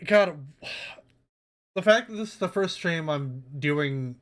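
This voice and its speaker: A man talks through a live game stream on a desk mic, his voice pitched fairly high. He swears freely and reacts with emotion, speaking at an unhurried pace. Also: lively intonation. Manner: emotional and profane, swearing often. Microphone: desk mic, no webcam.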